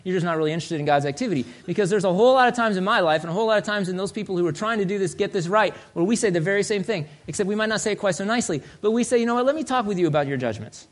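A male pastor preaching a sermon in a conversational, joking way, swinging between loud and soft. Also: sits high, racing, few pauses.

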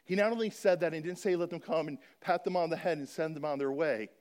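A man speaking to a church congregation about a children's charity, explaining and slowly reading scripture aloud in an earnest manner. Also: on the high side, darkish tone.

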